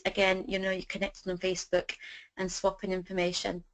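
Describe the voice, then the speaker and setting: Woman, chatty trainer, lots of "you know", mid-pitched voice. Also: quick pace, low-quality recording. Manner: chatty, fills with "you know", acts out sample dialogue. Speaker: business trainer. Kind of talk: coaching sales conversation scripts.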